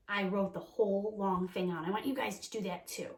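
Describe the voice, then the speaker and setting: A young woman teaching a remote lesson to small children, cheerful and encouraging, speaking slowly and clearly. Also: medium pitch. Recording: echoey room.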